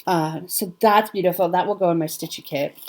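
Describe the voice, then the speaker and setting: A woman chatting casually to camera as she unboxes a gift parcel, gushing and delighted, often laughing softly. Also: lowish voice, a little fast. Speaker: cross-stitch vlogger.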